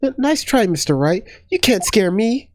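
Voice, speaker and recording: A man voicing an eager young woman detective in a raised falsetto-like voice, reading game lines. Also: sing-song, moderate pace, noisy background. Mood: nervous bravado.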